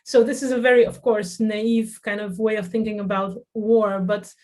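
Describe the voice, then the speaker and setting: In a reflective interview about her theater work, a woman in her thirties from the Netherlands who serves as a festival artistic director speaks hesitantly, with plenty of fillers and restarts. Her voice is medium-pitched and a little mellow, with a level tone at normal speed.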